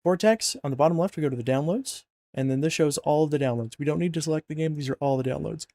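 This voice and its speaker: Fairly high-pitched and a little mellow, this man speaks quickly while narrating a mod install tutorial on screen. He's yawning and sleepy, drifting into rambles and jokes full of fillers and self-corrections.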